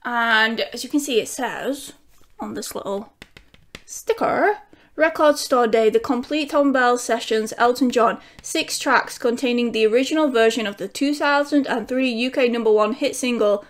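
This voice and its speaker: A woman chatting excitedly at home as she unboxes a record for her vlog, gushing and talking to her dog. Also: a little high, moderate pace. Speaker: vinyl collecting YouTuber.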